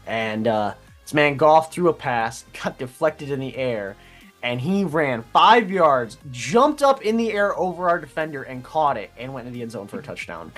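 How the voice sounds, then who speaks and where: A young man on a casual sports podcast, telling an animated story and laughing as he goes. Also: moderate pace, soft background music. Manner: animated, laughing, imitating people in a high voice. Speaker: podcast co-host.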